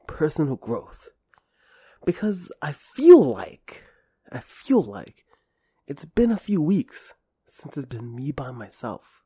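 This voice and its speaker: Playful podcast host, dry close mic. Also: male voice, medium pitch, breathy edge, no room sound. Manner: playful, swings between whispery asides and loud bursts; self-deprecating, rambling with restarts. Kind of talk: solo podcast monologue. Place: small room, recording alone. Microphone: close studio microphone.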